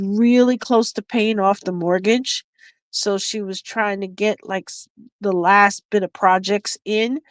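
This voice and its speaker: A woman's voice: medium pitch, dry recording, poor audio. A woman hosting a casual beading stream, telling a family story with lots of laughter and restarts. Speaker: craft livestream host. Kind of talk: casual chat while beading.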